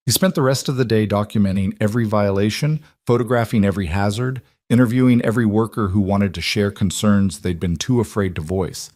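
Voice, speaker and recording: Low-voiced male story narrator, dry sound. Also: a little fast, few pauses, a little mellow, no echo.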